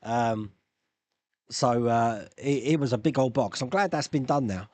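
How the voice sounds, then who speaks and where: A man hosting a casual live stream, chatting loosely and answering viewers' questions with rambling asides and quick laughs. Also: mid-range voice, a little mellow, no echo. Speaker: YouTube live stream host.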